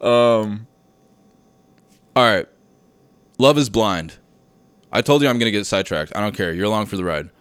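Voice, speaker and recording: A man's voice: on the low side, normal speed, pauses often, a bit bright, dry recording. A young man hosting a solo podcast from his room at home. He rambles, gets sidetracked, says "dude" a lot and swears freely. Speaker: podcast host. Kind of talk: casual solo podcast chat. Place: home room with recording setup.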